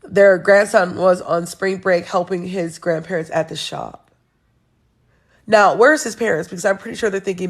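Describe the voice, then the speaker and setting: A woman's voice: on the low side, fairly even intonation, normal speed. A young woman hosting her own show, reading news headlines aloud and reacting with blunt, sarcastic remarks and frequent laughs. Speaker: show host.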